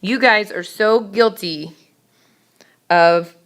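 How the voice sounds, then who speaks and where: A woman teacher giving a classroom lecture on public speaking, brisk and direct, with scolding asides to her students. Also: mid-range voice, fairly bright tone.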